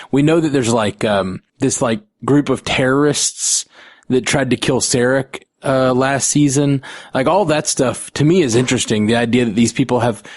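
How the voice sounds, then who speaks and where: A man's voice: medium pitch, darkish tone, no echo. Thoughtful man podcast co-host, dry sound. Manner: thoughtful, repeats words while searching. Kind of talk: casual chat.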